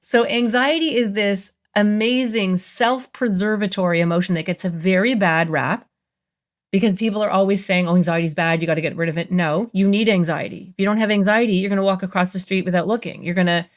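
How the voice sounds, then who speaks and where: A woman therapist talking as a podcast guest, explaining in an animated, conversational way. She slips into playful voices for the thoughts she describes, and her pitch sits in the middle. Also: fairly quick.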